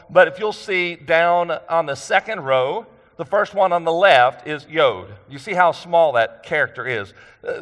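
A pastor preaches a sermon conversationally, asking the congregation questions and repeating phrases for emphasis. His voice is a little high and fairly bright, with a long reverb tail.

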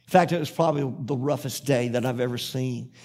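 A man's voice: medium pitch, brisk, darkish tone. A man preaching a sermon as pastor, moving from fervent repeated phrases to folksy personal storytelling. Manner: impassioned preacher with rhythmic repetition.

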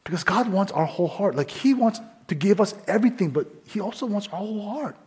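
A young man preaching his testimony, swinging between hushed whispers and loud fervent bursts. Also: high voice, animated, fast talker. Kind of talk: testimony sermon.

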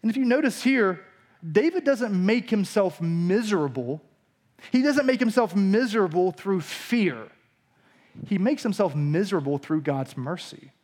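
A man's voice: high-pitched, animated, a little slow, a little mellow. A man preaching a casual teaching sermon. He explains scripture in an easy, conversational way and drifts into personal stories. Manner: casual teaching tone with frequent restarts and storytelling asides. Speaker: pastor.

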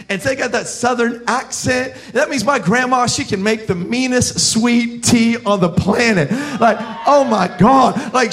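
A man with a very high speaking voice preaches a sermon. He is a pastor from South Florida who tells stories with a lot of animation, cracks jokes and shouts his punchlines.

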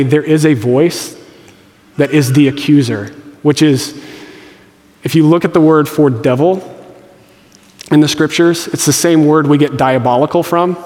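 A man's voice: a little high, a little mellow, long reverb tail. A man preaching a sermon as pastor, in a conversational, joking way with playful voiced asides.

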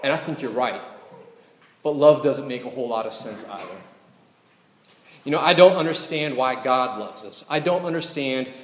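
A man's voice: medium pitch, lively intonation, moderate pace, long pauses. A man preaching a sermon as a pastor. He talks in a conversational way and often puts rhetorical questions to the congregation. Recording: echoey hall with long reverb.

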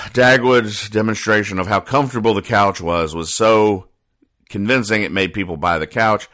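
A man reading comic strips aloud and explaining the jokes in a rambling, deadpan way, with sighs and trailing asides. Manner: rambling, dry, sighing, trailing off low.

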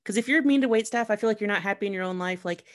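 A woman hosting a podcast and chatting casually, agreeable and talkative, trailing off softly at the ends of her thoughts. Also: mid-range voice, rapid-fire. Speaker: podcast host, former server.

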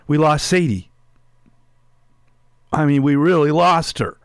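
Man preaching, unhurried delivery, dry close sound, chatty, rhetorical questions, softens on key lines. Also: fairly high pitch, clean tone, no room sound, soft background music. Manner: conversational, asks listeners rhetorical questions; drops soft and slow on key phrases. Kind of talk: sermon with personal story.

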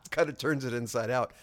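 A man's voice: mid-range voice, no room sound, clean studio sound. A male co-host of a movie podcast, fussy and self-described anal compulsive, trading playful banter in casual chat.

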